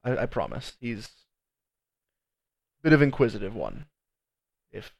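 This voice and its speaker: A man speaks slowly and earnestly as a player in a tabletop game. His voice is gravelly and swings widely in pitch, and the sound is dry. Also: huge pitch swings, darkish tone, no echo. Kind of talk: casual tabletop game chat.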